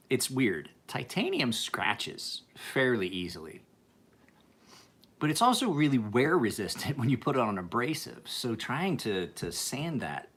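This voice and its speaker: A man's voice: on the low side, fairly bright tone, husky. A man who sharpens and refinishes knives, chatting casually and profanely with viewers on a livestream. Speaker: knife sharpener.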